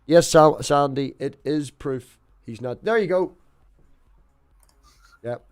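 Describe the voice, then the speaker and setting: A man's voice: on the high side, slow pace, clear, resonant tone. A young man hosting a casual live stream on an online call, joking, rambling and swearing as he talks. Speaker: livestream host.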